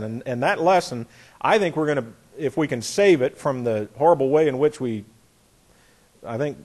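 A man teaching a Bible lesson in a folksy, emphatic way, reading scripture and acting out the speakers. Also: a little high. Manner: folksy, emphatic, acts out voices, chuckles.

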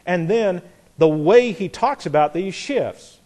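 A man with a slightly high voice leads a Bible study class. He talks deliberately, restarts and repeats words, and puts questions to his listeners. When he reads scripture aloud, he leans on the key words. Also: animated, a little mellow. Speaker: Bible teacher.

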